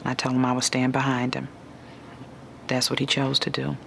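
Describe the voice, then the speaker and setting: Man interviewee, calm and steady, gravelly, utterly flat delivery. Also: mid-range voice, moderate pace, slight background noise. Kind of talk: documentary interview.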